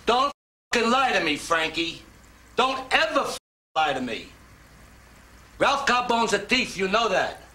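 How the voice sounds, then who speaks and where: A menacing tough father, harsh, bright tense voice, lively pitch, roomy film sound. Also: unhurried, pauses often, full character voice. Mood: angry. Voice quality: harsh and forceful. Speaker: actor in a film clip.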